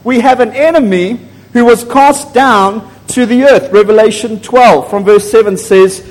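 A man preaching a sermon to a congregation in a church, excitable and prone to loud bursts, often asking the people questions. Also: high voice, measured pace. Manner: excitable, gets loud and apologizes for shouting; asks the congregation frequent questions. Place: church hall. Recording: long echo of a large hall.

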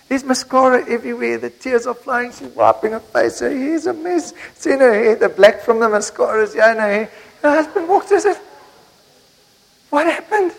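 A man's voice: extremely high pitch, creaky, fairly bright tone, poor audio. A South African man preaching a sermon to his congregation, telling stories and asking the listeners questions. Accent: South African English. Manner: storytelling, asks the congregation questions. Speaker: pastor. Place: church.

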